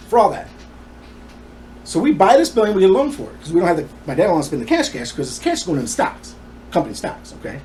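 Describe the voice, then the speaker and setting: A man's voice: on the high side, a little mellow, slight background noise, rough recording. A man telling a personal story in an agitated, ranting monologue. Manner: agitated, ranting, rapid asides.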